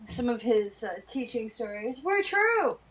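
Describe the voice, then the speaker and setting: A woman's voice: fairly high pitch, sing-song, a little slow, a crowd in the background, low-quality recording. A woman telling stories in a casual group chat over a video call. She acts out the people she quotes.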